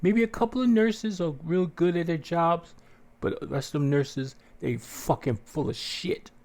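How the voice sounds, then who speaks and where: A man hosting a podcast, telling a story casually with plenty of swearing and animated delivery, jumping into a raised voice to act out what people said. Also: a little high, measured pace. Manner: profane, animated, acts out quotes in a raised voice. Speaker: podcast host.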